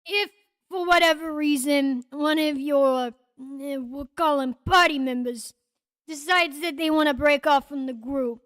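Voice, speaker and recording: A woman voicing a brash, foul-mouthed, scatterbrained woman who hands out gifts, talking loud and offhand. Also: sits high, a little slow, no room sound.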